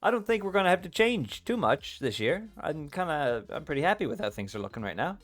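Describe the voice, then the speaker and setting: A man's voice: on the high side, very animated, fairly quick, a bit bright, faint music behind. A young man hosting a livestream, chatting casually with viewers and reading their comments aloud with a playful, joking manner. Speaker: livestream host. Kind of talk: casual chat with live viewers.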